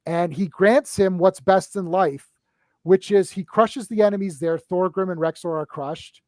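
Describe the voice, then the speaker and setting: High-voiced man eagerly breaking down a film. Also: no echo. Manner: animated, excited retelling of scenes; talks in quick bursts with frequent restarts and "right?" tags. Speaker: movie discussion panelist. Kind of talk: casual live-stream film chat.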